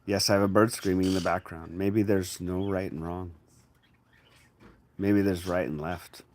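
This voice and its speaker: A man with a fairly low voice talking casually about spiritual matters. He speaks in a reflective, conversational way and addresses the listener directly. Now and then he jumps into sudden, loud, acted-out inner voices. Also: fairly even intonation, moderate pace, slight background noise. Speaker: spiritual teacher.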